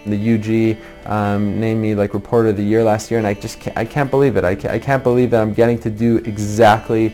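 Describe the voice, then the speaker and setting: A man's voice: fairly low pitch, little pitch movement, a little fast, few pauses, dark tone, faint music behind, low-quality recording. A man, a reporter, speaking earnestly and emotionally in a documentary interview.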